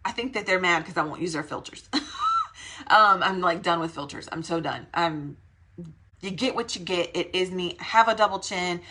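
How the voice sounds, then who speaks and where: Gal giving her team a pep talk, kinda breathless, bright lower voice, lots of rambling. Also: normal speed. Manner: chatty, rambling, encouraging. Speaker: direct sales consultant.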